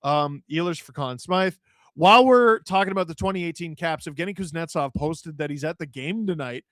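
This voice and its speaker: A man hosting a live stream, reading viewer chat with jokes and shouting play-by-play when a goal goes in. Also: fairly high pitch, fairly quick, no echo, clean studio sound. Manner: joking, excitable, shouts on goals. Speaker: livestream host reading chat. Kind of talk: casual live watch-along chat and play-by-play.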